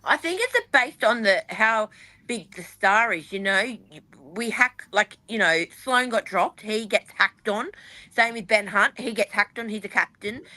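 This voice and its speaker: A woman co-hosting a sports fan podcast, chatty and animated, rambling with lots of fillers. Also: mid-range voice, a little slow. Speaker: podcast co-host. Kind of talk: casual fan panel chat.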